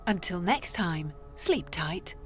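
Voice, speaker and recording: A woman reading a measured, ominous narration. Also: lowish voice, animated, over music. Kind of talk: scripted narration.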